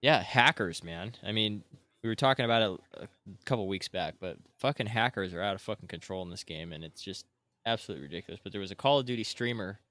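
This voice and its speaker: A man's voice: on the low side, fast talker, a bit bright, no room sound. A man on a casual gaming podcast, ranting and swearing constantly.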